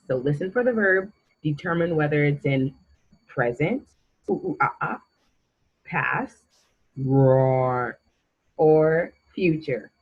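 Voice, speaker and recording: Slow, husky woman teaching children. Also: sits low, narrow, tinny audio. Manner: patient, encouraging, quizzing the listener. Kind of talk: grammar lesson for children.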